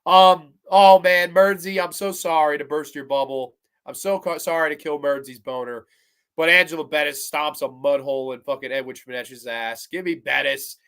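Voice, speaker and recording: Excitable, profane male stream host. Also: on the high side, normal speed, clean tone. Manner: profane, excitable, agonizing aloud over picks. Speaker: podcast host. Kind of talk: live-stream chat with viewers.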